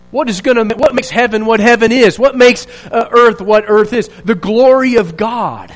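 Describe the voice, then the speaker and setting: A man's voice: high-pitched, rough recording. A male pastor preaching a sermon in an earnest, searching way, asking rhetorical questions and restarting his phrases.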